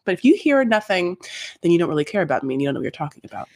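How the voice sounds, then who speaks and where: Woman, stuffy cold voice, podcast co-host, dramatic, joking, lowish voice. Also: sing-song, racing, darkish tone. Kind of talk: casual podcast chat.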